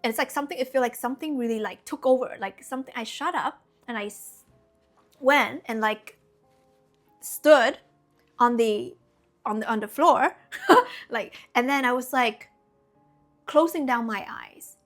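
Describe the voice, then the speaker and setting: A woman's voice: a little high, measured pace, pauses often, fairly bright tone, soft background music. A woman spiritual coach talking casually to her viewers, earnest and chatty, often adding "you know" and "okay?". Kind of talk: casual spiritual talk to camera.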